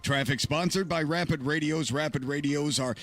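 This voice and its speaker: A man reading a radio traffic report and a sponsor ad in a rapid, clipped delivery. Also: a little high. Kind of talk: brisk traffic report and ad read.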